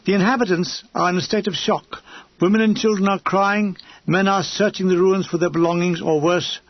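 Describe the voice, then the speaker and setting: A man's voice: high-pitched, fairly even intonation, moderate pace, highs cut off. A man reading an audiobook of a war memoir in a dry, wry manner. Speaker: audiobook narrator.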